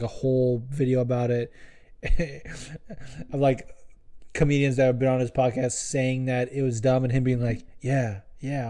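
Warm in tone and medium in pitch, this young man hosts a podcast full of loose, profane banter and jokes, wandering from one thing to the next.

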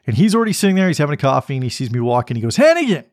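A man's voice: mid-range voice, expressive, very fast, a little mellow, no room sound, clean studio sound. A middle-aged man, telling a personal story in a candid, reflective way as a podcast host.

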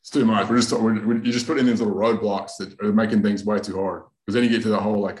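A man's voice: on the low side, fairly even intonation, fast talker, low-quality recording. Laid-back rambling comedian man. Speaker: podcast guest, comedian. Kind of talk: casual chat.

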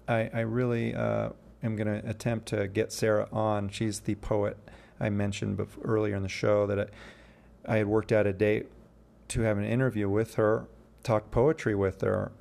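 A man in his fifties talks through a casual solo episode of his poetry show. His voice sits low with a gravelly edge. He rambles, restarts phrases and corrects himself, with frequent small chuckles. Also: level tone, moderate pace, a little mellow. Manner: chuckles often mid-sentence.

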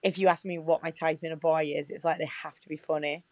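A woman's voice: low-pitched, fairly even intonation, fast talker, darkish tone, dry recording. Sweary young woman podcaster. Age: young adult. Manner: sweary, laughing, chatty. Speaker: podcast co-host. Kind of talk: casual banter podcast.

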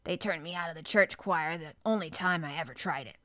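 A woman's voice: deep voice, fairly quick, pushed and bright, no echo, clean studio sound. A woman voicing a testy old male gardener from a children's storybook, speaking. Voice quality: grumbling, dialect-heavy, testy.

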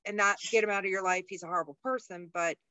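A woman's voice: medium pitch, fairly even intonation, fast, pushed and bright, clean tone, no echo. A woman co-hosting a podcast in casual chat, talking frankly and thinking aloud, swearing freely. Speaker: podcast co-host. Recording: dull lo-fi dry sound.

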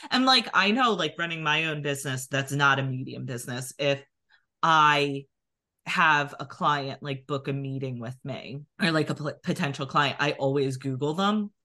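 A podcast co-host from New Jersey near Philadelphia, with a Philadelphia accent, tells a long personal story in casual chat, using "like" in almost every phrase. Her voice is low yet crisp and bright, at a moderate pace.

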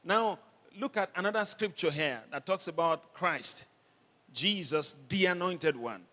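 A man preaching a sermon as pastor, leading the congregation in call-and-response and building up to shouts. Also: high voice, a little slow. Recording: long hall reverb.

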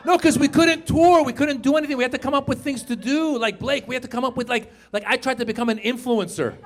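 A man from Iran performing an animated stand-up comedy set on a club stage, shouting some punchlines. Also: very high voice, a little fast, a faint crowd, a little hiss or hum. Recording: live club recording with audience.

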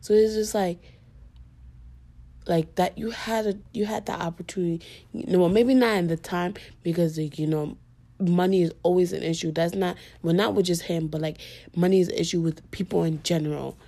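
A woman's voice: on the low side, steady tone, normal speed, mellow. A young woman hosting a podcast, telling a personal story in casual chat full of fillers. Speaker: podcast host.

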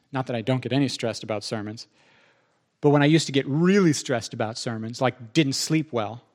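A male pastor preaching a sermon, acting out both sides of his conversations with God. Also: mid-range voice.

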